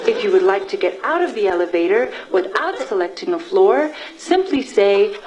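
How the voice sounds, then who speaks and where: A woman voicing a calm, polite automated elevator in a comedy sketch. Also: mid-range voice, normal speed, some chatter behind, close to an everyday voice, poor audio. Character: polite female voice-activated elevator. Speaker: voice assistant. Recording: sketch audio with loud laughter. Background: loud audience laughter.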